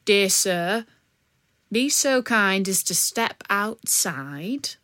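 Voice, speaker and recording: A woman's voice: medium pitch, lively intonation, very slow, sharp tone, no echo, studio quality, heavily acted. A woman voicing a gallant young male outlaw leader with a courteous, teasing manner in a storybook reading.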